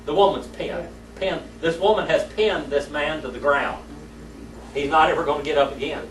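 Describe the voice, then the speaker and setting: A man's voice: fairly high pitch, fairly even intonation, moderate pace, a little hiss or hum. A man teaching a church Sunday School class, telling folksy stories and quizzing his students. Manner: folksy storytelling, asks the class questions. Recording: echoey room, mic far off.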